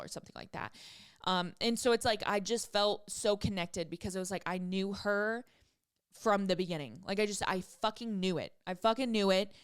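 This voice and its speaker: A woman's voice: mid-range voice, clean tone, no room sound, clean studio sound. A woman in her thirties hosting a podcast, telling a personal story in a candid, emphatic way and swearing freely. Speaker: podcast host. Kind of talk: casual storytelling.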